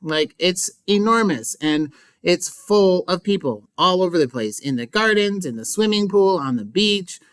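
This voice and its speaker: Casual recap teacher, smooth clear tone, loose chatty asides. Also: medium pitch, animated, measured pace, a bit bright, no room sound. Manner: playful, mock-dramatic. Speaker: English teacher.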